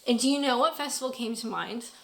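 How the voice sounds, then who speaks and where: Woman, travel vlog narration, chatty and playful, bright voice, slightly high pitch. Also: fast talker, vocal fry. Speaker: travel vlogger.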